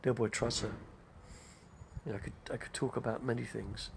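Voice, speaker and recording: Older guy, gravelly voice, rambling live-stream host. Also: mid-range voice, fairly even intonation, fairly quick, slight background noise. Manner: chatty, digressive, name-dropping. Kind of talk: rambling casual monologue.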